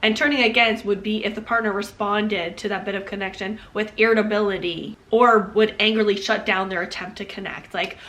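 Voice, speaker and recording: A woman speaks with a hoarse, slightly rough voice as she gets over a chest cold. She explains relationship advice casually to her viewers, chatty and step by step. Her pitch sits in an ordinary middle range. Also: steady tone, a little fast, hardly any pauses, a bit bright. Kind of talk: casual advice talk to camera.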